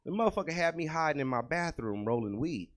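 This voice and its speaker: A man's voice: expressive, fast talker. Crude, swinging stand-up comedian, man. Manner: crude, conversational, talks to the crowd; swings between loud bursts and low muttered asides. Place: comedy club stage.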